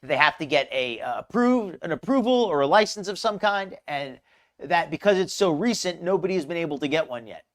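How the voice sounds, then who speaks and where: Greeting people in the chat, a live commentary show host rambles in a chatty, casual stream. The mid-range voice is expressive and fairly quick.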